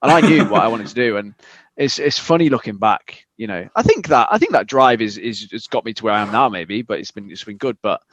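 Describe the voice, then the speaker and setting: A man's voice: lowish voice, expressive, fairly bright tone, no echo. A man co-hosting a fitness podcast, telling frank, sweary stories about his working life. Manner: frank, sweary, quick storytelling. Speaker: podcast co-host, fitness coach. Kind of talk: casual podcast chat. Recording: dry, slightly dull podcast audio.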